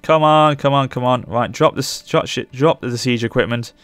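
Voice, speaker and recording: A man commentating live on his strategy game as he plays, urging his units on and reacting loudly to the battle. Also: mid-range voice, moderate pace, clean tone, no echo, faint music behind. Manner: urgent, excitable, barks orders at units. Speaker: gaming channel host.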